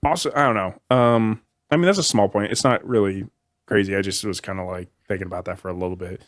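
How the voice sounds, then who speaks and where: A man hosting a relaxed book-talk podcast, his voice sitting on the low side. He rambles and hedges, trailing off as he thinks aloud. The sound is dry and close, with no room around it. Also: quick pace, no echo. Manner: rambling, hedging, trails off often. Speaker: podcast host. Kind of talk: casual book discussion chat.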